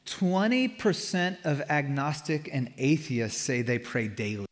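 Lively pastor preaching in a reverberant hall. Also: male voice, a little high, measured pace. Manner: conversational, animated, laughing asides. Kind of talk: sermon. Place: church hall with a live congregation. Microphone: stage mic through a house sound system. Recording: long hall reverb from a church.

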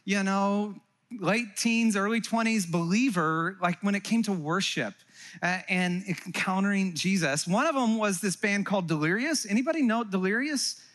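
A middle-aged man from California preaching to his congregation in a bright, high voice. He talks with animated energy and jokes, turning often to his listeners with quick asides. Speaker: pastor. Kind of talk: sermon. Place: church hall before a live congregation.

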